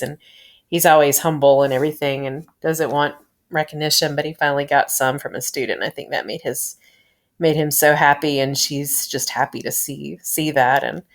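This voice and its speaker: A woman in her thirties giving a rambling, gushing fan review of a TV episode, laughing and sighing as she talks. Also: low voice.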